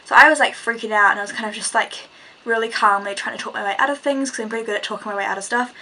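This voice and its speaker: A teenage girl from New Zealand tells a story to her vlog viewers in a loose, rambling way, full of fillers. Her voice sits a little high and rings bright and sharp. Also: racing, rough recording. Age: teens. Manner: chatty, rambling, lots of "like" and "and stuff". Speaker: vlogger.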